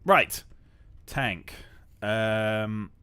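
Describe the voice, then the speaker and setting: A young man streams his game-building in a relaxed, rambling way, joking to himself and filling gaps with ums and uhs. His voice sits low and his pace is slow and drawn out. The sound is dry and close, with no room around it. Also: clean tone, no room sound. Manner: rambling, joking self-talk with many fillers. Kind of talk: casual live-stream commentary while building.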